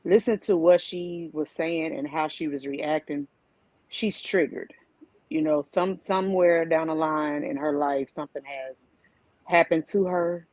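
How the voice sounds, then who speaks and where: A panel guest speaks earnestly and keeps coming back to the same point. The voice is mid-pitched and sounds dry and close. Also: steady tone, unhurried, darkish tone, dry recording, low-quality recording. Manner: earnest, repeats her main point. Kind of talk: casual opinion chat.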